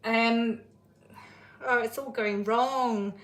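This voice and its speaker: A woman's voice: on the high side, steady tone, extremely slow. A woman live-streaming from home, flustered and laughing at her own technical mishaps, speaking to a phone on a shelf above her. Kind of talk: casual live-stream chat. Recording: echoey room, faint ambience.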